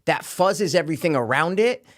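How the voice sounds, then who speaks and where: A man co-hosting a podcast, giving a blunt, profane, animated rant in casual review chat. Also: on the high side, moderate pace. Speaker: podcast co-host.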